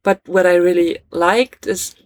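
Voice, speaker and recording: A woman's voice: fairly low pitch, steady tone, measured pace, no room sound. A woman with a German accent, speaking English as a second language in a casual podcast chat in a camping trailer, reflective and hesitant with many fillers. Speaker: podcast co-host.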